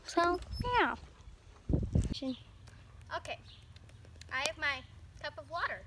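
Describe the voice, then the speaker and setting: A woman's voice: high voice, slow pace, long pauses, background noise. A woman vlogging casually outdoors while washing her dog, chatting to viewers with rambling asides. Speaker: pet vlogger. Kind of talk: casual vlog talk to camera.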